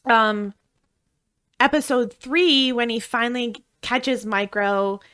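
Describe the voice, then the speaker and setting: A woman co-hosting a podcast in casual chat, telling stories in an animated way and swearing a lot. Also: a little high, takes it slowly, smooth. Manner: animated, swearing, laughing storyteller. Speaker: podcast co-host.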